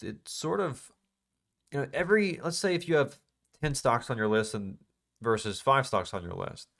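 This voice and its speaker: A man's voice: medium pitch, a bit bright. Casual emphatic male trading teacher. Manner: casual, emphatic, repeats phrases, asks questions. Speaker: trading instructor. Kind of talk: live class walkthrough.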